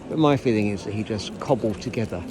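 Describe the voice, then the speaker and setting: A man's voice: on the low side, fast. A man working as a London tour guide, explaining sights in short videos and asking the viewer questions as he goes. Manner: animated, asks the viewer rhetorical questions. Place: around London sites, in and out of doors. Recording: noisy city street sound.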